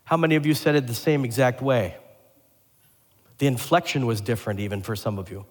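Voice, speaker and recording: A pastor delivering a lively sermon, asking the congregation questions and joking with them. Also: male voice, mid-range voice, moderate pace, pauses often. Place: church sanctuary. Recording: long hall reverb.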